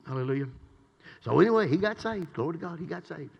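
An older man preaching a sermon in a church. He swings between shouted praise and low, conversational asides. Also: lively intonation, fast, creaky, breathy edge, dull audio. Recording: long reverb in a church hall.

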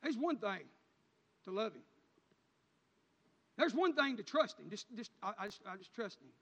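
A man preaching a sermon in a church, swelling into loud, fervent preaching with country turns of speech. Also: sits high, big pitch swings, moderate pace. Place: church sanctuary. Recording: hall reverb, dull lo-fi sound.

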